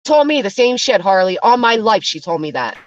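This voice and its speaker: A woman's voice: mid-range voice, very animated, a little fast, dry recording, highs cut off. A woman hosting a drama commentary show, ranting with profane scorn. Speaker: commentary channel host.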